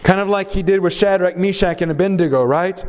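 Guy preaching, high voice, super animated storytelling, long hall echo. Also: fairly quick. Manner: animated, dramatic storytelling with sudden pitch swings. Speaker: pastor. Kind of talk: sermon.

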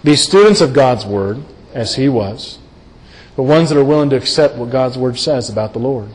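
A man preaching a sermon and working verse by verse through scripture. He speaks earnestly and drops to a quiet voice when he wants to stress a point. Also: medium pitch, animated, moderate pace. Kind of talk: sermon, Bible exposition. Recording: long hall reverb.

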